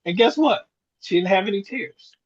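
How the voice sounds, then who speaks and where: A man's voice: high-pitched, lively intonation, moderate pace, slightly rough. A man in his sixties, a podcast co-host, telling reflective stories in casual chat. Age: 60s. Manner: storytelling, reflective, chuckles often. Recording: dull lo-fi sound.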